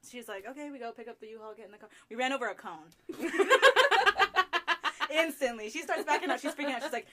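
A woman co-host telling a comic story in casual slang, punchy and quick to laugh. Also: fairly high pitch, a bit bright.

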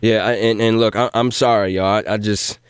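A man hosting a call-in show, speaking haltingly and often repeating his words. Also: on the low side, steady tone, smooth, no echo, clean studio sound. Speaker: radio show host.

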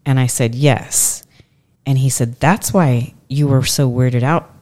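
Low-voiced woman telling a story. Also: slow pace. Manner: animated, acts out quoted voices. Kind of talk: casual storytelling chat.

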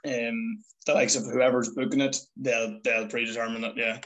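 Animated young man telling stories. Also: mid-range voice, moderate pace, dull audio. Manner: animated storyteller acting out quotes. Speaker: podcast guest, trainee wrestler. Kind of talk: casual chat.

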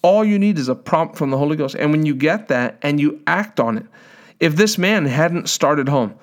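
A man preaching a sermon, telling a healing story with lively quoted voices and reading scripture aloud. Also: on the high side, moderate pace.

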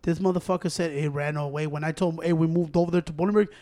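A man telling a story in casual chat, profane and animated, with slangy asides. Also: fairly high pitch, rapid-fire.

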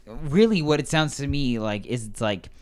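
A man co-hosting a laid-back movie podcast, talking in easy chat. He turns animated and incredulous when he gets worked up, swearing in outrage at the news. His voice sits at a middle pitch for a man. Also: normal speed. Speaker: podcast co-host.

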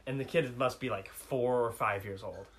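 A man's voice: medium pitch, moderate pace, low-quality recording. A young man, telling a funny story casually with friends and laughing at himself. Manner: animated, self-mocking, laughs through story.

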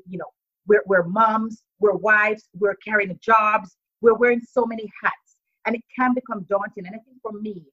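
This entrepreneur, a woman from Jamaica whose accent blends Jamaican and American, speaks in a medium-pitched, fairly bright voice. As a podcast guest offering motivational talk, she's emphatic and repeats her main points, and the audio is dull and lo-fi.

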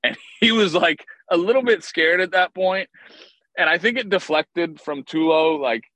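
Profane storytelling ex-ballplayer, dry sound. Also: male voice, sits high, moderate pace, dry recording, low-quality recording. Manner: animated, profane, acts out quotes. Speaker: former baseball player, guest. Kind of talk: casual storytelling interview.

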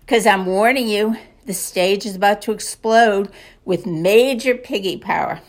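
A woman's voice: medium pitch, a little slow, natural voice. A woman voicing a hyperactive, passionate male pig performer with a German accent, exuberant and pushy.

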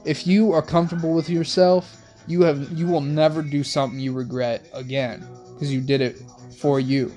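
A young man hosting a rambling late-night monologue in laid-back slang, with soft music playing behind him. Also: fairly high pitch, level tone, moderate pace. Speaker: host. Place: in a car.

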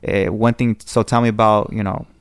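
A man's voice: fairly low pitch, little pitch movement, a little fast, clean tone, dry recording, studio quality. A young man with a Californian accent telling a long rambling story in casual chat, acting out the voices of people in it. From Southern California. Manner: rambling, with restarts and acted quotes. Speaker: podcast guest telling a story.

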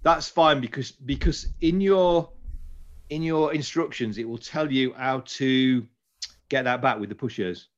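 A man's voice: medium pitch, a little slow. Chatty British man, slightly dull audio. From Britain. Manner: chatty, enthusiastic, rambling. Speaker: podcast co-host. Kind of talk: casual chat.

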